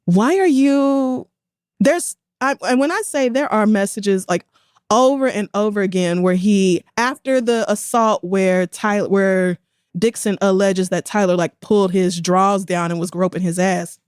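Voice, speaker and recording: A woman's voice: medium pitch, normal speed, clean tone, no room sound. A woman, co-hosting a podcast in casual chat. She tells the story with indignation and slips into quoted voices along the way. The sound is dry and close to the mic. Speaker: podcast co-host.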